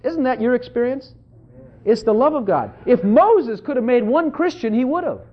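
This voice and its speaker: A preacher giving a sermon in a conversational, animated way, often checking in with the audience. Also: mid-range voice, normal speed. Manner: animated, conversational, repeatedly asks "Hello?". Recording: dull lo-fi recording.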